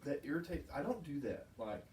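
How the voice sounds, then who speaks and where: A man's voice: a little high, very animated, fairly quick, a little mellow. A man co-hosting a podcast, telling stories with heated, profane outbursts. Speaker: podcast co-host. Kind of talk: casual chat. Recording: roomy, distant mic, faint noise.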